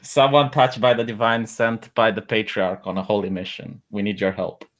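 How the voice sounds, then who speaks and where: A man's voice: on the low side, level tone, normal speed, a bit bright, close to an everyday voice. A man playing a solemn zealous cleric. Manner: solemn, formal proclamations. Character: zealous male cleric adventurer. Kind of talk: tabletop game role-play.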